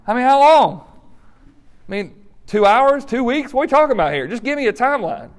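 A man's voice: extremely high pitch, animated, fairly quick, in a large hall, voice pushed up. Man putting on a whiny, impatient offender. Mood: exasperated. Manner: whiny, pushy, exasperated. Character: impatient adult demanding quick forgiveness.

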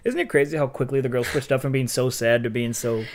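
A woman's voice: very deep voice, steady tone, darkish tone. A young woman co-hosting a podcast, reacting and joking in casual chat about a reality show. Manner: quick reactions, playful, swooping emphasis. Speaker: podcast co-host.

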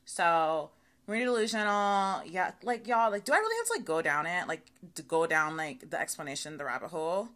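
A woman's voice: on the low side, a little fast. A young adult woman hosting her own podcast, talking casually and swearing freely, with lots of "okay" and "y'all". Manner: chatty, animated, swears freely, says okay and y'all a lot. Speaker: podcast host. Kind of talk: casual solo podcast monologue.

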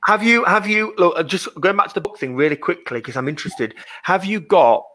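A man's voice: high voice, expressive, brisk, fairly bright tone. A man hosting a podcast interview, often stumbling, repeating and restarting his words. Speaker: podcast host, business owner. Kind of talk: casual interview chat.

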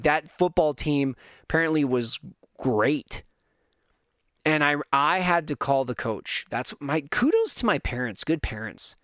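A man in his thirties from Canada, telling a personal story to his viewers in a casual, animated, self-deprecating way. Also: a little high, no echo, clean studio sound.

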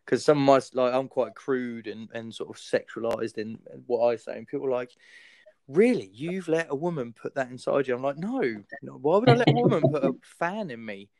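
A man's voice: medium pitch, a little fast, a little mellow, no room sound. A man hosting a podcast, telling crude stories in casual chat and acting out other people's lines. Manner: crude storyteller acting out quotes. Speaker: podcast host and comedian.

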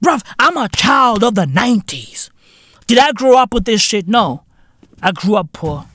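A man, hosting a podcast with a profane, mocking comedic rant that bursts into shouting. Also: high-pitched, big pitch swings, unhurried, no room sound. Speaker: podcast host.

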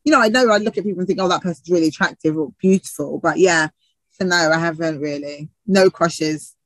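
A woman's voice: lowish voice, a little fast, no echo, rough recording. A woman TV presenter and actor from the UK, chatting in an interview with frequent laughs and restarts. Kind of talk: casual interview chat.

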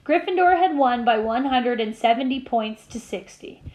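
A woman teacher reading a novel aloud to her class, with steady storytelling and small slips she corrects. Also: a little high, moderate pace, poor audio.

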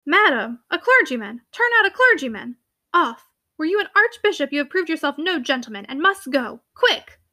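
Woman reading a haughty young heiress: emphatic, scornful, high bright voice. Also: big pitch swings, moderate pace, full character voice. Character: proud young heiress, spirited and quick to scorn.

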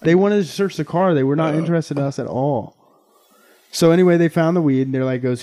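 A man in his twenties, co-hosting a podcast, telling a rambling, animated and profane story. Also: mid-range voice, a little fast. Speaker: podcast co-host. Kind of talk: casual storytelling chat.

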